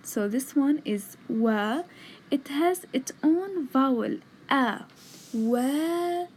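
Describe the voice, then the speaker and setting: A woman's voice: sits high, animated, slow pace, a little mellow. A woman teaching a beginners' alphabet lesson, patiently sounding out letters and words and explaining each step. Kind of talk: slow explanatory lesson narration. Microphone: tablet microphone.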